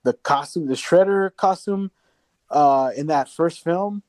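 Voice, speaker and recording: A man's voice: fairly high pitch, unhurried, darkish tone, dry recording. A man chatting casually on a podcast, rambling with many restarts and swearing offhand. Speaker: podcast co-host.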